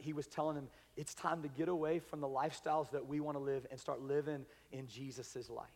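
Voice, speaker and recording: A man preaching a sermon as pastor, building up to loud, emphatic calls and then dropping to quiet, intimate passages. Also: a little high, big-room sound. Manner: preaching with rising, shouted emphasis. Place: large church sanctuary.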